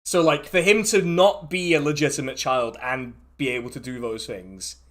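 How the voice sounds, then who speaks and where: A man running a tabletop game as dungeon master, relaxed and laughing, with many fillers. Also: medium pitch, normal speed.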